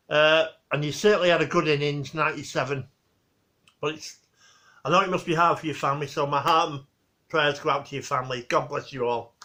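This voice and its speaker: Brief: chatty male vlogger, high bright voice, rambling and loose, mild swearing. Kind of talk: casual vlog tribute.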